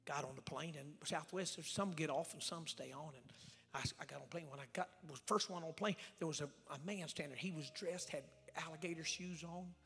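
Gravelly, bright-voiced evangelist man preaching. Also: a little high, brisk, in a large hall, soft background music. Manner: dramatic storytelling, swinging from loud outbursts to hushed whispers; folksy, acts out dialogue. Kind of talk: sermon. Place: church sanctuary.

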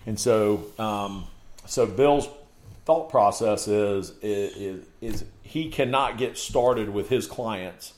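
A man's voice: on the low side, slow. A man as a podcast guest in casual conversation, laying out his points in emphatic lists and checking in with "okay".

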